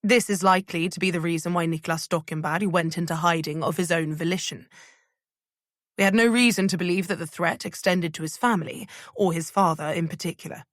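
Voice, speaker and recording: A woman reading an audiobook thriller in scripted narration, measured and even. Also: on the low side, no echo, studio quality.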